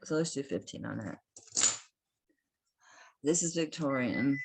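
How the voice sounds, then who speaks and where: Southern woman, home jewelry seller; deep voice that swings around, chatty and self-mocking. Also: expressive, creaky, background noise. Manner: chatty, impatient, quick to laugh at herself. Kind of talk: casual selling vlog.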